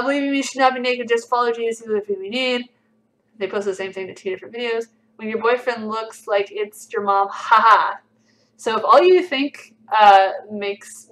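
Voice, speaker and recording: A woman's voice: fairly high pitch, fairly bright tone, rough recording. A young woman hosting a casual livestream, reading comments aloud with a dry, sarcastic edge.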